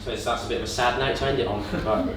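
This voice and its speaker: A young man doing an awkward, deadpan in-character stand-up set, with faltering delivery and sudden squeaky put-on voices. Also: quick pace. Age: young adult. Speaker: student stand-up comedian. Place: student comedy club stage with audience. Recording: very echoey room, distant mic, noisy. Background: audience laughter and room ambience.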